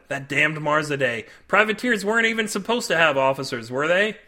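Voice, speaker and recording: A man narrating an audiobook in a wry, deadpan comic way. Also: a little high, a little fast, few pauses. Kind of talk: scripted narration.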